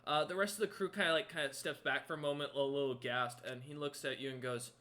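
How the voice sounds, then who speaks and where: A man's voice: a little high, steady tone, fast talker, pushed and bright. A man narrating as game master of a tabletop role-playing game, rambling with many ums and self-corrections.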